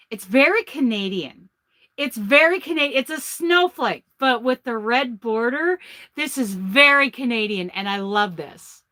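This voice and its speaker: Fairly high, bright, and forceful, this woman's voice carries her crochet vlog as she chats from a truck. She gushes over the handmade gifts she's showing.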